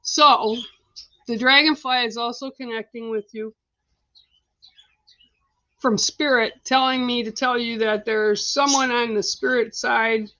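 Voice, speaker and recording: A woman's voice: on the high side, steady tone, unhurried, pauses often, pushed and bright, dry recording, lo-fi sound. Blunt, chatty middle-aged woman reader. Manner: blunt, chatty, laughs often. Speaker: psychic card reader, show host. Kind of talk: casual livestream reading.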